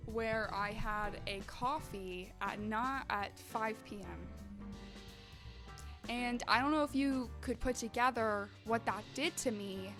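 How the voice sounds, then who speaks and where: Bubbly young-sounding woman streamer, high voice. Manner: bubbly, animated, rambling to chat. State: wired and restless after coffee. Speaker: livestreamer talking to chat. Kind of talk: casual late-night stream chat. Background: faint background music.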